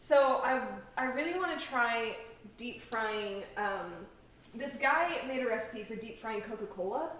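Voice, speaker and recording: A woman's voice: a little high, lively intonation, measured pace, fairly bright tone. Chatty woman in an echoey kitchen. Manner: chatty, giggly, rambling. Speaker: cooking show host. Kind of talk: casual chat while cooking. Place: home kitchen. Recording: echoey kitchen, mic far off.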